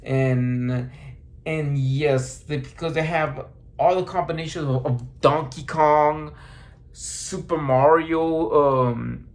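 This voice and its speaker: A man giving a casual movie review, rambling and halting, with frequent restarts and fillers. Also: fairly high pitch, steady tone.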